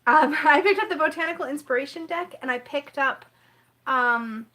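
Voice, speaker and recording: Woman, tarot reader, easygoing live-stream chat, a touch high in pitch, scattered and self-apologizing. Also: normal speed, pushed and bright. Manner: rambling and apologetic, keeps clearing her throat; chats with viewers in the live chat.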